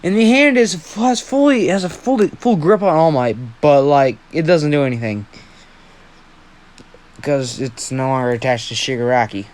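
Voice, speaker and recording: A man's voice: a little high, lively intonation, moderate pace, a little mellow. A young man who hosts a fan-story channel, telling an improvised story in a rambling, self-deprecating way with a lot of swearing.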